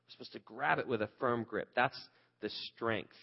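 A man's voice: mid-range voice, moderate pace, vocal fry, dull audio. A male pastor preaching a conversational sermon, earnest and candid, asking the listeners rhetorical questions.

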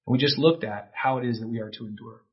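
A man preaching a sermon as pastor, impassioned, with peaks that rise to near-shouting. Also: medium pitch, quick pace, slightly rough. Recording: dull lo-fi sound.

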